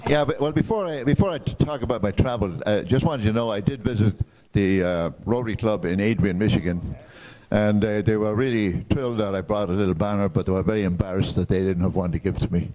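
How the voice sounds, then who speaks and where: A man giving rambling, halting remarks with many restarts and fillers at a club meeting. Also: lowish voice, dark tone. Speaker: club member sharing travel news.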